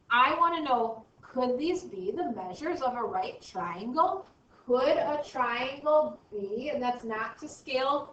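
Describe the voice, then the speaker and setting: A woman's voice: high voice, a bit bright, recorded from a distance, a little hiss or hum. A woman math teacher giving a recorded lesson, chatty and thinking aloud as she works through problems. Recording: dull, roomy, from off mic.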